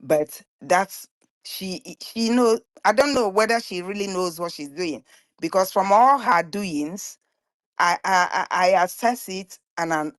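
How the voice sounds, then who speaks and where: A woman with a voice pitched a little low speaks to an online group. She is earnest and emphatic, but her phrases halt and restart as she repeats words mid-thought. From Nigeria (Biafran region). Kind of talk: impassioned spoken commentary.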